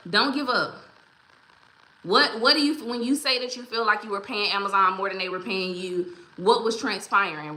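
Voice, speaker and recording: A woman's voice: fairly low pitch, bright, forceful tone, a little hiss or hum. A woman hosting a casual livestream, chatty and encouraging as she greets viewers by name. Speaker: livestream host. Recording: roomy echo.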